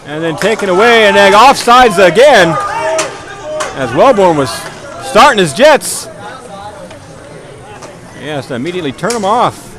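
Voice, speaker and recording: A man calls a ball hockey game play by play in a high voice that leaps up and down. He sounds tired after hours of talking, yet keeps cracking jokes at his own expense. Each goal lifts him into a louder, quicker call. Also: a crowd in the background. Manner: joking, self-mocking, rising excitement on goals. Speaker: play-by-play commentator.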